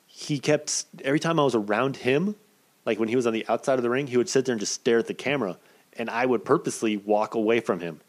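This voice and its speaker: A man in his thirties telling a story casually, swearing a lot and jumping up and down in pitch. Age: 30s. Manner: profane, animated, quick swings in pitch. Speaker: wrestling cameraman telling a story.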